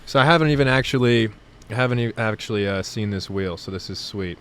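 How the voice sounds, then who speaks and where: A man's voice: fairly low pitch, fast talker, clear, resonant tone. A young man, a comedian from New Jersey, rambling through stories with laughs in a casual podcast chat. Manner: rambling storytelling, self-deprecating, laughs often. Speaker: comedian guest.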